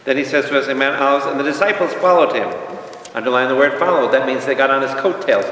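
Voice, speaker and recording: New priest, lively Bible teacher, quizzes the crowd, distant echoey hall. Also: male voice, medium pitch, quick pace. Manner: animated, asks the audience questions, acts out quotes.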